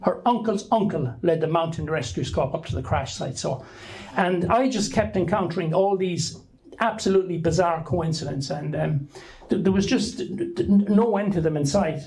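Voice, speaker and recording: A man's voice: a little high, normal speed, creaky, a little mellow, poor audio. An Irish man telling a rambling story to a live audience, with frequent restarts and fillers. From Ireland. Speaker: speaker giving a talk to an audience.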